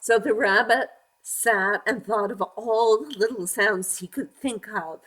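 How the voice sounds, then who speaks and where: A woman reading a picture book aloud to young children, gently asking them questions as she goes. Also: medium pitch, a little slow.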